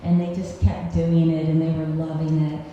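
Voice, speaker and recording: A woman's voice: low-pitched, level tone, moderate pace, dark tone, highs cut off. A woman in her thirties performing a live personal story on stage, wry and self-mocking, often laughing through her lines. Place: cultural center hall, on stage. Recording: echoey live hall recording with faint hiss.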